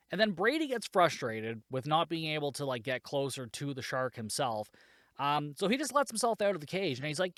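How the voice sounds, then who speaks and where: A man's voice: mid-range voice, fairly bright tone, no room sound. Sarcastic, profane man with a dry sound. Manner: frequent filler "like". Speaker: podcast host. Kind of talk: casual movie recap and review.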